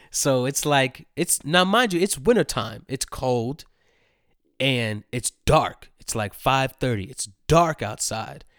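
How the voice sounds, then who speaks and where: A man in his thirties tells a story in a loose, slangy way at a middle pitch. He laughs often and repeats his lines for effect. The sound is dry and close. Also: a bit bright, clear, resonant tone, no room sound. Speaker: host. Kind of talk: solo storytelling podcast.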